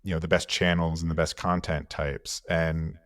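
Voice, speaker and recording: A man's voice: very deep voice, flat delivery, moderate pace, a bit bright, dry recording. A man hosting a podcast interview, asking thoughtful, rambling questions with frequent restarts. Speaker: podcast host. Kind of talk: casual interview conversation.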